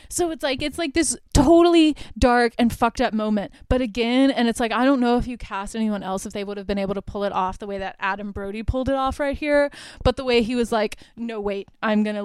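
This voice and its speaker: A woman hosts a casual solo podcast, recapping a film in a chatty, irreverent way with plenty of swearing. Her voice is smooth and clear. The recording is dry, with no room echo. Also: a little high, a little mellow. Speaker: podcast host.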